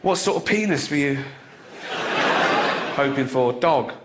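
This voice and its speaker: A man's voice: medium pitch, animated, measured pace, heavy background noise. A man doing a stand-up comedy routine, sardonic and profane in a chatty way.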